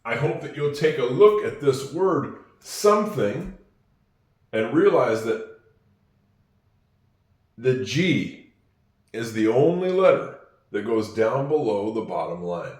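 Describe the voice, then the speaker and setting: Slow, patient male English teacher. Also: medium pitch, lively intonation, echoey room. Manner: slow, patient, repeats phrases for learners. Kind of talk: spoken English lesson.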